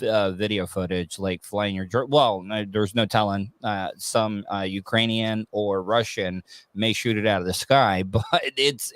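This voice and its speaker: A man hosting a casual podcast, joking and rambling in a lively way. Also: on the low side, no echo. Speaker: podcast host.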